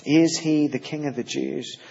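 A man preaching a sermon, praying quietly and reading scripture aloud with growing intensity. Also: on the high side, steady tone, a little slow, creaky, husky. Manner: prays softly, then reads scripture with rising intensity. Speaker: pastor. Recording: dull lo-fi sound.

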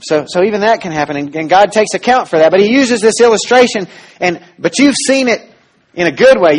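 A man preaching a sermon as pastor, earnest and full of restarts, rising to loud emphasis and dropping to soft, quiet lines. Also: sits high, husky.

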